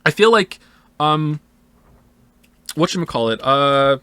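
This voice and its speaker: A fairly high, expressive male voice, slow-paced and fairly bright, sounds clean with no echo. Responding casually to viewers, he rambles, swears emphatically and occasionally plays out imagined voices as quotations.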